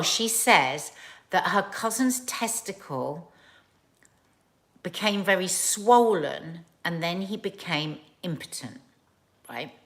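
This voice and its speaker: A woman's voice: lowish voice, a bit bright. A woman in her forties chatting casually on a livestream, rambling and reading viewers' comments as host. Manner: chatty, rambling, with fillers and laughs.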